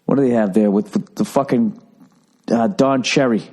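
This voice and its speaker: A man's voice: medium pitch, moderate pace. A man hosting a podcast, talking casually in a profane, rambling way that jumps between topics. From United States. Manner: profane, rambling, animated storytelling. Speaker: podcast host. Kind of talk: casual solo podcast rant.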